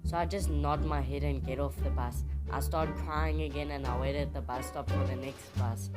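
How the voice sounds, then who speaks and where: A young man from South Africa with a South African accent, telling stories in a chatty, animated way in his room. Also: medium pitch, normal speed. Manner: chatty, animated, teasing complaints. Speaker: vlogger. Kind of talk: casual storytelling vlog. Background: music.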